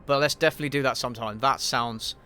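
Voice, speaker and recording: Sweary, blunt man with a bright voice. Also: medium pitch, fairly even intonation, fast talker, soft background music. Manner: blunt, sweary, hesitant with frequent ums and restarts. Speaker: YouTube channel host answering viewer questions. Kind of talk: casual livestream Q&A while gaming.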